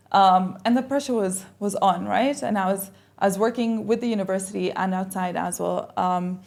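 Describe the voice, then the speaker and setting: Woman, young adult, podcast guest, casual storytelling, lively retelling of conversations, some vocal fry. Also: mid-range voice. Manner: animated, acts out quoted exchanges.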